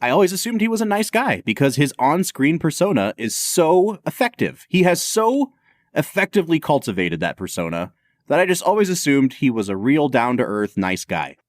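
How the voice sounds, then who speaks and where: A man's voice: a little high, very animated, moderate pace, no room sound, studio quality. A man co-hosting a podcast, talking about films in a casual, opinionated way and laughing often. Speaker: podcast co-host. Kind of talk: casual film chat.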